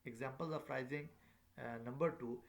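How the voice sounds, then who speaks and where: Male lecturer, mid-pitched, halting delivery full of fillers, code-switching. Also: steady tone, gravelly. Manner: mixes Hindi and English, many pauses and fillers. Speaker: teacher. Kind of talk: recorded lecture.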